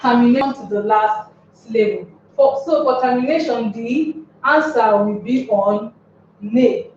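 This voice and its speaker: A woman teacher explains at a very slow pace, often repeating herself and posing questions to the class. Her voice is fairly high and sounds distant from the mic. The recording is dull, with heavy room echo. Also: a little mellow, a little hiss or hum. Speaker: English teacher.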